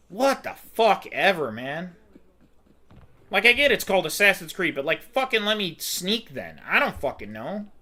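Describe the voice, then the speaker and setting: High, bright-voiced ranting gamer man. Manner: frustrated, profane ranting. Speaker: let's play gamer. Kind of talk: casual gameplay commentary.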